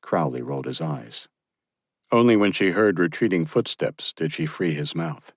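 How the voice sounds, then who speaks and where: A male audiobook narrator with a very deep voice, reading a thriller in an even, steady way. The recording is close and dry, with almost no room sound. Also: normal speed, no room sound. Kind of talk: scripted narration.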